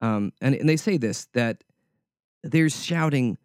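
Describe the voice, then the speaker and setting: A man's voice: mid-range voice, expressive, takes it slowly, darkish tone, smooth, no echo, clean studio sound. A male preacher giving a conversational sermon, informal and often repeating words as he searches for the next one.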